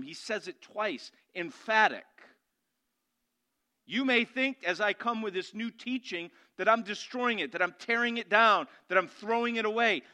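A man's voice: high voice, measured pace. A man preaching a sermon as pastor, emphatic, putting questions to the congregation and answering them himself. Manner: emphatic, rising to loud declarations.

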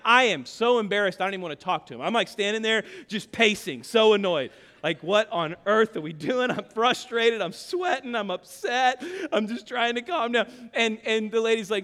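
A man preaching a sermon, telling a self-mocking story with loud exclamations and hushed confessions. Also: sits high, smooth, in a large hall. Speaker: pastor.

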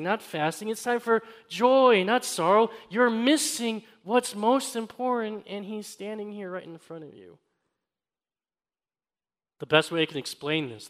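A man with a high, light voice delivers a sermon. He tells a personal story in an easygoing, conversational way, then swells with emphasis on his key points. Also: a bit bright. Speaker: pastor.

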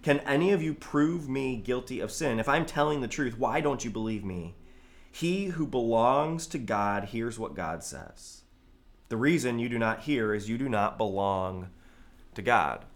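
A male pastor preaching a sermon in a conversational way, with loud emphatic peaks and quiet, low asides. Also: expressive, a little slow.

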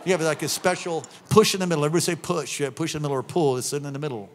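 A middle-aged man preaching a sermon, telling a story and acting out the voices in it, building up to shouts. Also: fairly high pitch, racing, slight background noise. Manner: animated, acts out voices in anecdotes, rising to shouts. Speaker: pastor.

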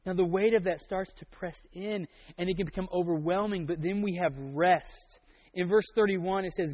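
A young man preaching a sermon in a conversational, joking manner, with quick asides. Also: high voice, a little mellow. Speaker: pastor. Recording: dull lo-fi recording.

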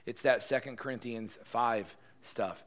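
A man preaching a sermon, chatty and animated as he retells an old story. His voice is bright and forceful, at a middling pitch. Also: a little slow. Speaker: pastor.

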